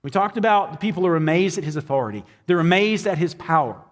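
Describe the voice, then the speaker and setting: Guy preaching, kinda high voice, chatty with lots of ums, echo from a big hall. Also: lively intonation, fast. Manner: conversational preaching with fillers and acted-out quotes. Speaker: pastor. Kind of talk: sermon.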